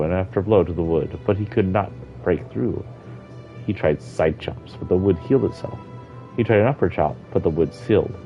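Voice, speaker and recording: A man streaming a game, reading an in-game book aloud casually, with slips and self-corrections. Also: low-pitched. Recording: dull lo-fi stream audio with faint music.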